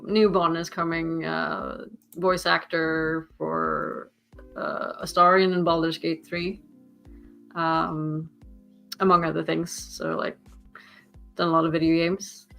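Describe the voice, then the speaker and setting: Slow, gravelly woman hosting a livestream. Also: on the low side, a bit bright, soft background music. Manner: hesitant, many fillers, laughing. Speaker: host. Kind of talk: casual livestream chat.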